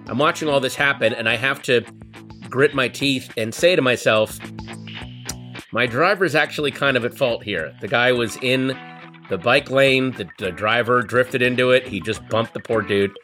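A man telling a comic story in an animated, wry way, building tension. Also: mid-range voice, normal speed. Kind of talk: comedic storytelling. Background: guitar music.

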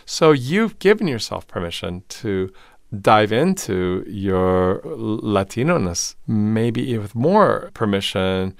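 A man who teaches theater and voice, a guest in a studio interview, talking in an animated way with sudden jumps up in pitch for emphasis and easy laughter. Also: takes it slowly, vocal fry, no room sound.

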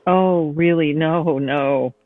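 A woman's voice: low-pitched, slow pace, no room sound. A shy young woman who demurs and hesitates, read by the author herself. The audio is narrow and phone-like, and very dry. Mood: hesitant. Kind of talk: read-aloud novel excerpt. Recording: tinny phone-line sound, dry.

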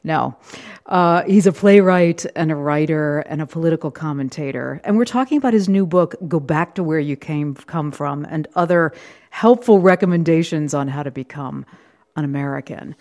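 A woman's voice: low voice, normal speed, darkish tone. A woman hosting a radio book show, asking thoughtful, curious questions. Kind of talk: radio interview.

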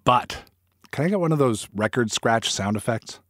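A man's voice: medium pitch, lively intonation, moderate pace, a bit bright, no echo. Wry male podcast narrator. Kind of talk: scripted narration.

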